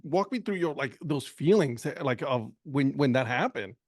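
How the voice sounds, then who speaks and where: A man's voice: medium pitch, animated, normal speed, dry recording, clean studio sound. A man hosting a podcast interview, laid-back and slangy with enthusiastic reactions. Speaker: podcast host.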